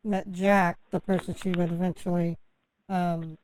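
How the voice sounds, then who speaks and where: Stammering woman with a mellow voice. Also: lowish voice, level tone, slight background noise, low-quality recording. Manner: halting, stammering, full of fillers and restarts. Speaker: scambaiter posing as a victim. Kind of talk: rambling phone call.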